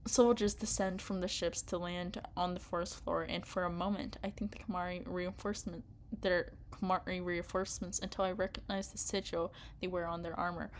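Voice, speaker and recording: A young woman reading an interactive story game aloud and reacting to it excitably, often yelling and laughing. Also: on the low side, fairly quick, few pauses, a little hiss or hum. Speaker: game streamer.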